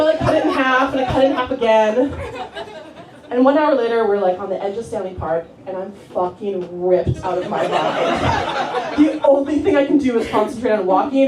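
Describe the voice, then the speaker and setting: A woman in her thirties from Canada doing a stand-up comedy set, telling stories in a chatty style full of fillers and landing deadpan punchlines. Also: on the high side, noisy background. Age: 30s. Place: comedy club stage. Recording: roomy club sound from a distance, loud crowd laughter. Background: audience laughing.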